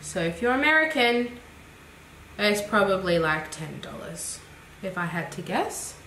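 Here a woman with a medium-pitched, sharp-toned voice speaks at a measured pace. She's an Australian beauty vlogger, casually reviewing makeup with lots of chatter and giggles while musing out loud. There's an echo to the room and a faint hum of noise.

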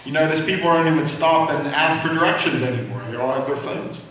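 Heard from afar in a strongly echoing sanctuary, a senior pastor preaches fast in a somewhat high, slightly bright voice. His style is conversational, full of questions for the congregation, and a little hiss or hum sits under the audio.

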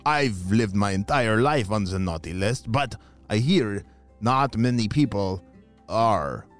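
A man voicing a bossy villain doctor who talks slowly and demands results. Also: fairly low pitch, expressive, faint music behind, pitched below the performer's own voice. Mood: demanding. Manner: slow, demanding, gleeful laugh. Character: grumbling male villain doctor, bossy boss.

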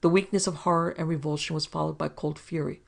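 A woman reads a pulp adventure tale aloud with measured, even pacing. Her voice is gravelly and husky, with a flat pitch that barely moves. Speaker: narrator and producer. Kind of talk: scripted narration of a pulp adventure story.

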